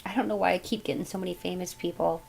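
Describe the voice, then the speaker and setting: A woman's voice: on the low side, fairly even intonation, vocal fry, darkish tone, slight background noise, low-quality recording. Musing woman doing a tarot reading. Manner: musing, thinks aloud, unhurried. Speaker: tarot reader. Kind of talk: casual tarot reading to camera.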